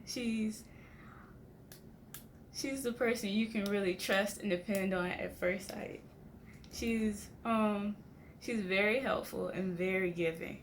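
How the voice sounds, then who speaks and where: A woman guest describing her mentor fondly in a casual, relaxed way. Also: mid-range voice, slow, pauses often, a little hiss or hum. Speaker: interview guest. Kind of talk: casual interview answer.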